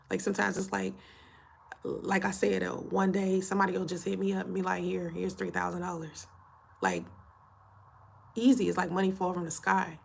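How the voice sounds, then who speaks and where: Tired woman in her 30s chatting candid to her viewers, low gravelly voice, swears a lot. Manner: candid, storytelling, frequent fillers and profanity. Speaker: channel host. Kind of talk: casual chat to camera.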